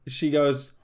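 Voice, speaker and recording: A man co-hosting a podcast in casual chat, telling animated stories, acting out the people in them and laughing often. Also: medium pitch. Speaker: podcast co-host.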